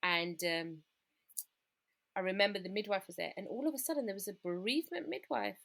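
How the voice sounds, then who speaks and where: A woman's voice: medium pitch, a little fast, creaky, a bit bright. A woman, telling her personal story as a guest in an interview, candid and full of quoted dialogue.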